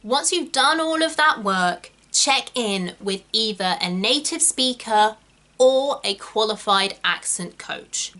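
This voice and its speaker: A young woman from England teaches actors in a chatty, emphatic way, full of quick asides. Her voice is bright and clear, with an ordinary middle pitch. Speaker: acting coach. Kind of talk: talking-head tutorial.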